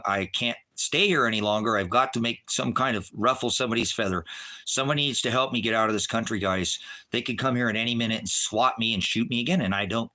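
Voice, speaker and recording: A middle-aged man ranting to his viewers in a profane, rambling way, swinging from low muttering to shouting. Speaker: livestreamer. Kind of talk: agitated direct-to-camera rant.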